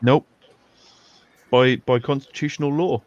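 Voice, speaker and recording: A man's voice: mid-range voice, steady tone, measured pace, a little mellow, highs cut off. A man chatting casually, easygoing, with hesitant restarts. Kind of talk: casual chat.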